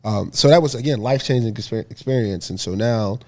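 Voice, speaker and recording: A man in his thirties from Philadelphia, a podcast guest telling a story in a lively, laughing way. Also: mid-range voice, brisk. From Philadelphia, USA. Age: 30s. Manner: lively, laughing storyteller who acts out scenes. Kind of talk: casual storytelling interview.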